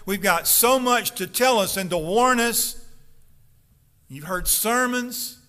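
Preacher, male, high bright voice, dramatic sermon in a reverberant church hall. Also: slow. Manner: impassioned preaching, acting out pleading voices. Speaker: pastor.

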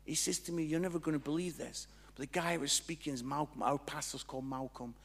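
A man, a pastor preaching and telling a story with lively acted-out dialogue. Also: a little high, quick pace, vocal fry. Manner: animated, acts out both sides of dialogue. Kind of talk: sermon storytelling.

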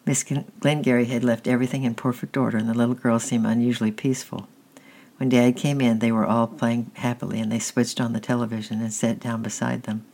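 A man reads a children's chapter book aloud at an even, middling pitch. His delivery is plain and steady, with the odd restart as he goes. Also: brisk. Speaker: audiobook reader. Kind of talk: storybook narration.

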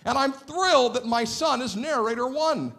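A middle-aged man preaching a sermon in a church sanctuary, a lively and playful storyteller who acts out the dialogue in his anecdotes. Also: extremely high pitch, moderate pace, vocal fry. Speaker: pastor.

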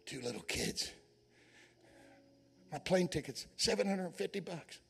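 At a church men's conference, an evangelist preacher with a high, expressive, creaky voice that is a bit bright and slightly rough talks a little slowly. He tells homespun personal stories and urges his audience on with fervent exhortation.

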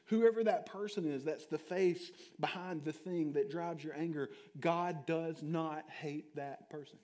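A man preaching a sermon in a conversational way, putting questions to his listeners and shifting between loud and quiet passages. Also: on the high side, unhurried. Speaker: pastor.

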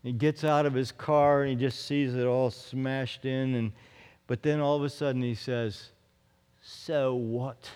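A man's voice: medium pitch, fairly even intonation, moderate pace, a little mellow, clear, resonant tone. A male pastor preaching a sermon in an earnest, emphatic way, often repeating his phrases. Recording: long reverb of a large hall.

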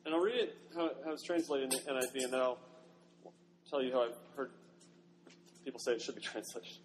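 A man's voice: mid-range voice, a little fast. A male pastor preaching a sermon, dramatizing a story as he tells it. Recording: long hall reverb, faint noise.

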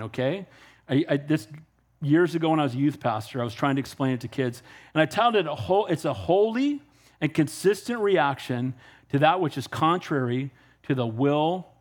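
Man, pastor, sermon, somewhat high voice, emphatic, conversational, rhetorical questions. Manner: emphatic preaching with rhetorical questions and calls of "Amen?"; conversational, acts out dialogue with people he has spoken to.

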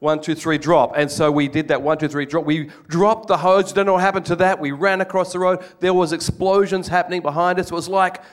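A man's voice: fairly high pitch, level tone, fairly quick, few pauses. Earnest man telling his testimony. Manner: earnest storytelling with frequent restarts and repeated words. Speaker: guest speaker giving testimony. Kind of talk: testimony sermon to a congregation.

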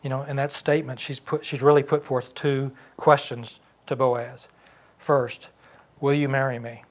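A man's voice: medium pitch, fairly even intonation, a little slow. A man teaching a Sunday school class in a church classroom, talking conversationally and asking the class questions.

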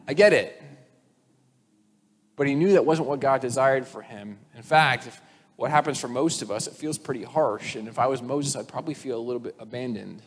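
A man preaching a sermon in a conversational, animated storytelling way, sometimes acting out the people in the story. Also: medium pitch, brisk, breathy edge. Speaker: pastor. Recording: long reverb with faint noise.

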